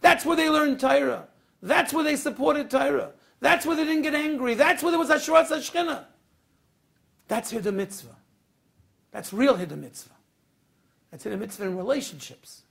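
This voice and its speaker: A rabbi tells a story in a sermon, his voice very high with a gravelly rasp. He swings dramatically between hushed moments and loud, emphatic passages. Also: normal speed, pauses often.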